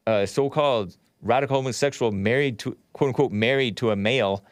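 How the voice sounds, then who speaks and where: A man's voice: medium pitch, no room sound, studio quality. A man hosting a livestream show, talking casually and rambling, often spelling names out letter by letter. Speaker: show host.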